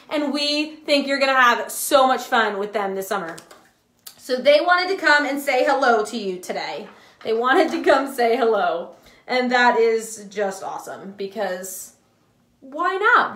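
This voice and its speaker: An enthusiastic woman hosts a live children's show with a sing-song lilt. Her voice sits high and she talks at a slow, careful pace. The room around her is echoey. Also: a bit bright. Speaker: children's ministry host.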